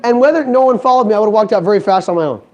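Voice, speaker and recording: A man's voice: high voice, animated, racing, dull audio, some chatter behind. A man giving a motivational stage talk. He tells stories in a chatty way, acts out other people's lines, laughs often and keeps asking "you know what I mean?". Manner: storytelling, acting out quoted voices, laughing often. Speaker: speaker at a business event.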